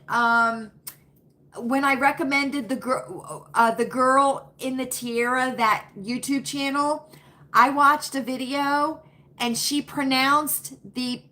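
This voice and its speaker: A woman's voice: sits high, bright, forceful tone. A woman hosting a live stream, chatting folksily with viewers and answering their comments by name. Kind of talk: casual chat with live viewers.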